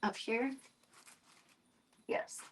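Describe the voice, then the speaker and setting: A young woman streaming from home, chatting casually and baby-talking her cat, often dropping to a soft, hushed voice. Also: extremely slow. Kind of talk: casual livestream chat.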